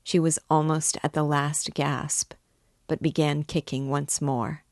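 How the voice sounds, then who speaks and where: A woman reading a novel aloud in a slow, deliberate way as a guide to the book. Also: low voice, flat delivery, dry recording, clean studio sound. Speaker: reader guiding a novel.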